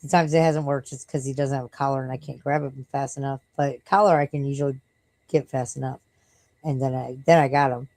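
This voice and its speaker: A woman's voice: very deep voice, steady tone, brisk, darkish tone, dry recording, poor audio. A tired woman live streaming in casual, rambling chat, swearing freely and breaking off to scold and baby-talk her dog.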